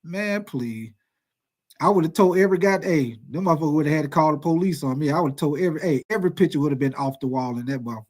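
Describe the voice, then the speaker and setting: A man's voice: fairly high pitch, very fast, few pauses. A man hosting casual sports talk, emphatic and full of profanity.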